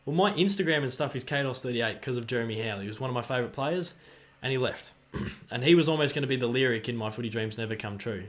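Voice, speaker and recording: An excitable man with an Australian accent hosts a livestream, chatting casually while he cheers and groans at the players in a football match. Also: mid-range voice, fast talker, hardly any pauses. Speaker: livestream host. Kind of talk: live watch-along commentary and chat reading.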